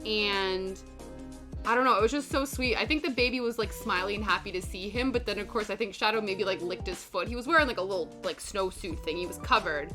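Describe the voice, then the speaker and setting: Over background music, a young woman talks casually on stream as she cross stitches, wandering through stories and replying to chat. She speaks fairly quickly at a medium pitch.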